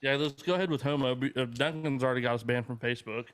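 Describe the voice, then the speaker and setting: A man co-hosting a podcast in casual chat, tossing in quick jokes and laughing. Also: medium pitch, steady tone, slight background noise. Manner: joking, quick quips, laughs.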